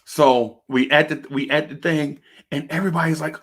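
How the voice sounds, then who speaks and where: A young man hosting a fan livestream show and telling a long, animated story, jumping into high voices to act out the other people in it. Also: moderate pace, few pauses. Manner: acts out other people's voices in his stories, high-pitched and excitable. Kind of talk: animated storytelling and casual chat.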